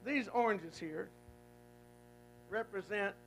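A man's voice: high voice, takes it slowly, fairly bright tone, slight background noise, low-quality recording. A man preaching a folksy, call-and-response sermon, emphatic and repetitive. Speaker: guest preacher.

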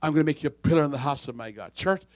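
Fiery high-voiced male preacher. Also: very fast, no echo. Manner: fiery, swings from low asides to shouting. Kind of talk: sermon.

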